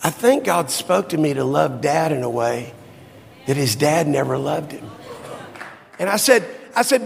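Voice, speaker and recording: A middle-aged man preaching a sermon and telling a personal story, shifting from soft low asides to high, excited exclamations. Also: a little slow, creaky. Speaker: pastor. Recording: long hall reverb.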